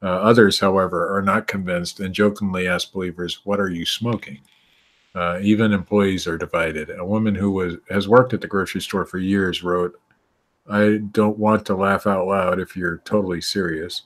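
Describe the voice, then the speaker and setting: Brief: low male podcast host, reads news clumsily, keeps cracking up. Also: fairly even intonation. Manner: reads stories haltingly, laughing through them. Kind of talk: casual chat reading news aloud.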